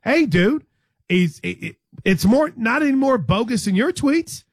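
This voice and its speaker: A man's voice: very high voice, lively intonation, measured pace, slightly rough, dry recording, clean studio sound. A man hosting a sports radio show, chatting casually about football with a co-host, with frequent restarts and light teasing. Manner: conversational, hesitant restarts, teasing.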